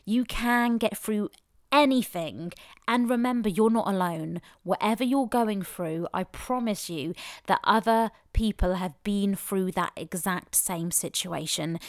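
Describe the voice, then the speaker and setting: A woman's voice: medium pitch, no room sound, clean studio sound. A woman hosting a motivational podcast intro, effusive and enthusiastic. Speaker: podcast host.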